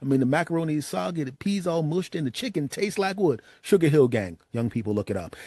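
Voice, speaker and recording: A man's voice: on the high side, expressive, quick pace, dark tone, no echo. A man doing stand-up, telling stories in a conversational way and talking straight to the audience. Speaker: stand-up comedian. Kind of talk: stand-up storytelling.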